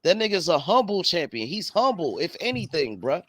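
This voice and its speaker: High-voiced man talking slangy and emphatic. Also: sing-song, moderate pace, a crowd in the background. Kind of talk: casual chat.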